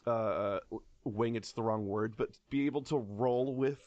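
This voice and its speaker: A man's voice: mid-range voice, normal speed, a little mellow, dry recording, highs cut off. A man co-hosting a podcast in casual chat. He rambles and restarts his sentences a lot and swears freely. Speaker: podcast co-host.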